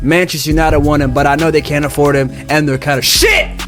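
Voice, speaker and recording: A man's voice: on the high side, brisk, soft background music. Hyped young man talking football. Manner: excitable, sing-song delivery with playful repetition. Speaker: football channel host. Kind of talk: casual fan commentary vlog.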